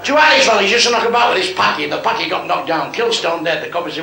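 A man's voice: fairly high pitch, animated, very fast, hardly any pauses, sharp tone. A man doing a live stand-up club set, telling blunt, crude jokes full of swearing and ribbing hecklers, in an echoey live club recording. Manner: blunt, crude, swearing joke-teller who ribs hecklers. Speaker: stand-up comedian.

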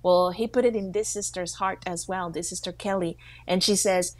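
A woman co-hosting a faith talk show, telling a story with lively quoted voices. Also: fairly low pitch, normal speed, dry recording. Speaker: co-host.

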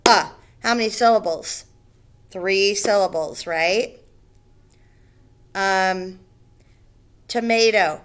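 A woman teaching a first grade reading lesson to young children, speaking patiently and clearly and sounding out words syllable by syllable. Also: mid-range voice, takes it slowly, long pauses, noisy background. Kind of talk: recorded remote reading lesson.

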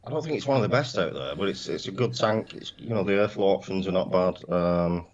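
A man's voice: deep voice, expressive, brisk, darkish tone, highs cut off. A man co-hosting a casual live stream, chatting in a laid-back, teasing way. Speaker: co-host.

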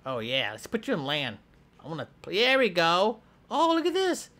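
A man's voice: high-pitched, normal speed, heavily acted. Bob, a man voicing a hyper boastful schoolboy. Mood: playful. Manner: excitable, goofy, jumps between squeals and mutters. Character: hyper boastful schoolboy hero with a pet shark. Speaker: gameplay voice actor. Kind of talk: comedic game voiceover.

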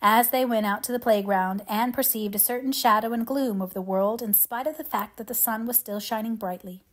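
Woman reading a classic novel aloud. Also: fairly high pitch. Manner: even, measured storytelling. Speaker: audiobook reader.

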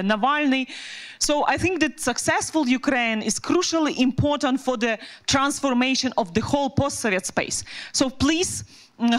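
A woman with a slightly high voice moderates a panel discussion. She talks politely and hesitantly and fills her pauses often. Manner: hesitant, many fillers, polite.

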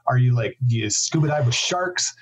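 A man's voice: mid-range voice, expressive, moderate pace, slightly rough, rough recording. A man hosting a podcast interview, who asks casual questions and answers with short affirmations. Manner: short affirmations, laughs along. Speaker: podcast host.

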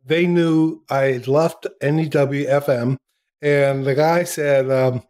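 An older man, a former TV journalist, telling lively anecdotes in an interview and acting out the quotes. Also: mid-range voice, slow. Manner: lively anecdotes, acts out quotes, laughs often. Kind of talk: storytelling in a podcast interview.

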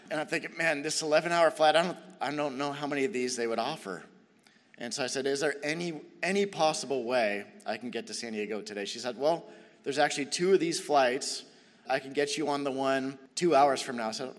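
A pastor preaching a sermon, telling a personal story in a chatty, self-deprecating way. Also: male voice, fairly high pitch, fast talker, a bit bright. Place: church sanctuary. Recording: long church hall reverb.

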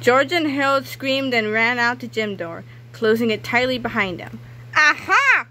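A woman reading a children's book aloud in a lively, expressive way. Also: fairly high pitch, moderate pace. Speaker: narrator.

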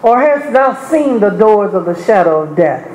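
A congregant slowly reading old-style scripture verses aloud during a sermon. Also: mid-range voice, big pitch swings, darkish tone. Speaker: scripture reader. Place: church. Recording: echoey church with faint noise.

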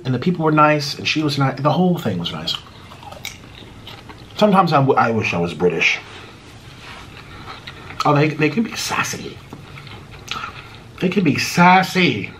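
A man's voice: fairly high pitch, a bit bright, slight background noise. An American man rambling casually to his viewers while eating, often stopping and restarting his sentences. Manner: rambling, self-interrupting, chatty. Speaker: mukbang YouTuber. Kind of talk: casual eating vlog chat.

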